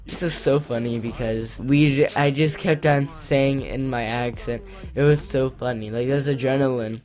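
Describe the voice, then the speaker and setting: A teenage boy telling a storytime vlog in an excitable, rambling way with lots of fillers. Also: medium pitch, moderate pace. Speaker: vlogger. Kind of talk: storytime commentary.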